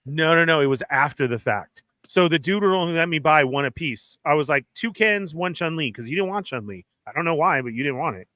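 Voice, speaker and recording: A man hosting a casual chat about toy figures, telling animated stories and acting out what others said. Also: on the high side, fast talker, few pauses, dry recording, studio quality. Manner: animated storyteller, acts out quoted exchanges. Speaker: podcast host.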